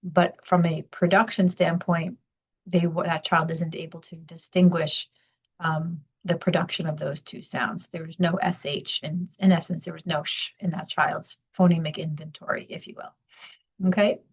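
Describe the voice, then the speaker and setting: A woman's voice: lowish voice, little pitch movement, normal speed, slightly rough. A woman giving a recorded lecture over slides, explaining step by step and often checking in with "okay?" and "right?". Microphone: screen recording on a computer mic.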